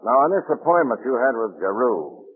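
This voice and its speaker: An actor playing a calm, probing male police lieutenant who questions matter-of-factly, in 1940s radio drama. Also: mid-range voice, moderate pace, lightly acted. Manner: dry, matter-of-fact questioning. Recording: tinny 1940s radio broadcast.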